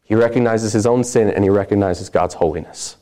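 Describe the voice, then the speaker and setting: Man, preacher, sermon, earnest and emphatic, mellow warm voice. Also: on the low side, brisk. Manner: earnest, emphatic scripture reading.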